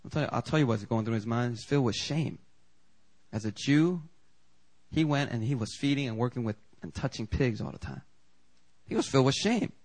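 Bright-voiced man preaching conversationally. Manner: conversational preaching, acts out quoted lines with big jumps in pitch. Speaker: pastor. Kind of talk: sermon.

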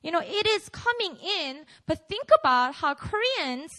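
A young woman preaches to a prayer meeting in a loose, conversational way, breaking into laughter as she goes. Her voice sits high and swings widely in pitch. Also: very animated, a little slow, sharp tone, rough recording. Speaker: pastor.

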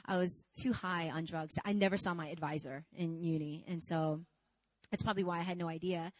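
A woman in her twenties preaching a sermon, telling a personal story in a candid, animated, conversational way. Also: lowish voice, fairly quick, no echo, low-quality recording. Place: church service.

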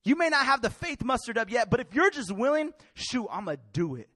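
A man preaching a sermon in a lively, colloquial way, acting out scenes with slangy voices. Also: extremely high pitch, a little fast, few pauses, dry recording. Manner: animated, colloquial, acts out Bible characters in street slang.

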